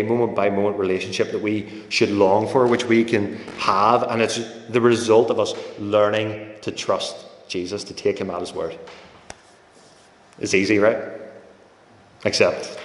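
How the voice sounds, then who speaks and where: A man delivers a sermon in a relaxed, conversational way, slipping into stories and acting out quoted voices. His voice sits low, and the church hall around him rings with a long, roomy echo. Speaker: preacher. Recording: echoey hall with long reverb.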